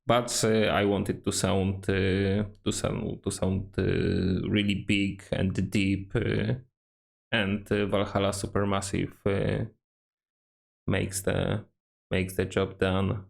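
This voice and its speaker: Gravelly slow-talking man with lots of fillers. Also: low voice, little pitch movement. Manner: hesitant, many fillers and restarts. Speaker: music producer. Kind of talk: casual tutorial walkthrough.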